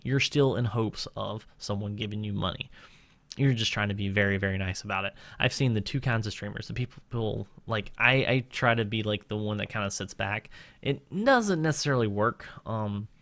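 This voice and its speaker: A man's voice: mid-range voice, a bit bright, dry recording. A young man giving casual streaming advice straight to camera, earnest and rambling, with lots of fillers and restarts. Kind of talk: casual talking-head advice.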